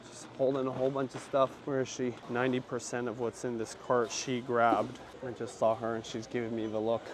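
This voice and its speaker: A laid-back, middle-aged man talks to his camera in a casual vlog, his voice sitting at an ordinary pitch and slipping into easy slang. A faint hum of background noise runs under him. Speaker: vlogger.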